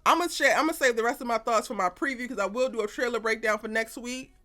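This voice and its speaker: High bright woman ranting about TV. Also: fast. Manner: blunt, exasperated, swears freely, talks straight to viewers. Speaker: TV recap host. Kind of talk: TV episode breakdown rant.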